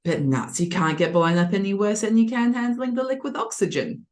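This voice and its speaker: A woman's voice: medium pitch, expressive, a little fast, a little mellow, lightly acted. A woman reading aloud the part of a casual young male soldier who brushes off a comrade's worries. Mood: offhand.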